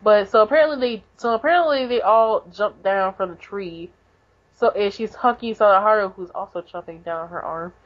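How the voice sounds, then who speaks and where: A woman's voice: medium pitch, moderate pace. A woman co-hosting a podcast, recapping a manga in a rambling, casual way full of "like" and "basically". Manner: rambling, filler-heavy, with lots of "like" and "basically". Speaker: podcast co-host. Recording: dull lo-fi podcast recording.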